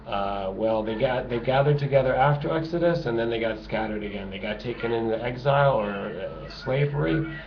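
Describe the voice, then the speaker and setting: A video blogger with a medium-pitched, expressive voice rants to camera a little quickly, sarcastic and emphatic, hammering his points by repeating them. The home recording is dull, lo-fi and noisy.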